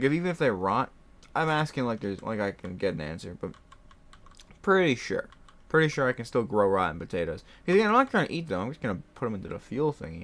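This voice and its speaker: A young man hosting a gaming video, telling a rambling story with lots of fillers and frequent laughter. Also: fairly low pitch. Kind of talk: casual storytelling while playing a game.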